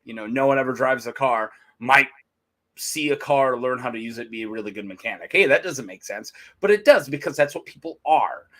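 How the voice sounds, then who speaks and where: A man's voice: medium pitch, lively intonation, a little fast, a bit bright. A man co-hosting a fan podcast, chatting casually and rambling through his opinions. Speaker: podcast co-host.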